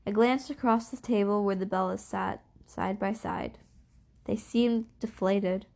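A woman reading a novel aloud as narrator, in a measured, steady storytelling voice. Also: medium pitch, gravelly. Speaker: audiobook reader. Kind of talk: scripted narration.

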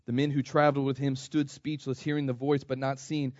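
A man's voice: medium pitch, level tone, a little fast, a little mellow, no echo, muffled recording. A man from the United States preaching a sermon, repeating himself and calling the congregation "church". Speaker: pastor.

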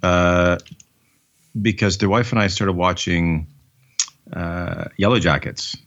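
Man, podcast co-host, casual chat, very low pitch, dull lo-fi sound, rambling. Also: steady tone, slow pace, a bit bright. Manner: rambling, enthusiastic, lots of fillers.

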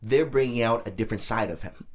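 A man hosting a podcast in casual chat, animated and profane as he talks over a fight on screen. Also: medium pitch, quick pace. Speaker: podcast host.

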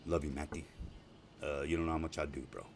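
A man's voice: very deep voice, little pitch movement, fast, vocal fry, a little hiss or hum. A middle-aged man rambling in a profane, emotional personal video message to his family, laughing and tearing up. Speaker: father speaking to family.

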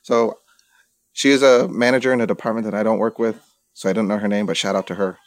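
A man's voice: lowish voice, quick pace, no room sound. A young man hosting a podcast, telling a long personal story in casual chat and swearing freely. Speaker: podcast host.

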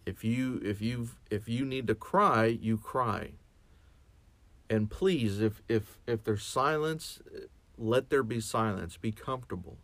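A man's voice: medium pitch, slow pace, fairly bright tone, no echo. A man speaking as a chaplain in a reflective podcast monologue, earnest and often restarting and repeating his words.

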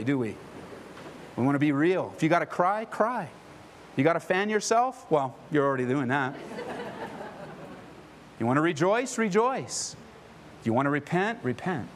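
A man's voice: medium pitch, a little hiss or hum. A man preaching a sermon as a pastor, impassioned and emphatic, repeating phrases for emphasis. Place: church.

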